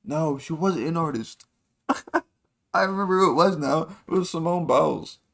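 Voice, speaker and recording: A man's voice: a little high, measured pace, creaky, fairly bright tone. A man hosting a podcast, telling a long story in a rambling, profane way and acting out other people's lines. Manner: rambling, profane, acts out quotes with shifting voices. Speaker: podcast host. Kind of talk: casual storytelling monologue.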